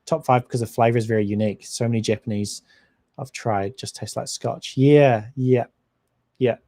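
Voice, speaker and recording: A man from New Zealand, speaking with a New Zealand accent in a voice of ordinary pitch. He hosts a relaxed livestream and rambles from one thought to the next. He keeps replying to viewer comments as he goes. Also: moderate pace. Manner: rambling, chatty, reads out and answers viewer comments. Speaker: whisky channel host. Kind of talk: casual livestream chat.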